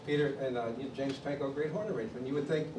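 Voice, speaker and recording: A man from Chicago, a drummer, tells his story at a clinic in an animated way and acts out the voices of the people he quotes. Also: medium pitch, rapid-fire. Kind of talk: storytelling interview. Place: drum clinic in a studio room. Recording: distant mic in an echoey room with background noise.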